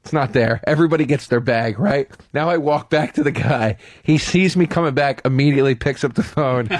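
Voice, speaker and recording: Animated, profane male storyteller. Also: a little high, normal speed, no echo, clean studio sound. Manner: animated, profane storytelling, acting out quotes in shifting voices. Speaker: comedian co-host. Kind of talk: casual podcast storytelling.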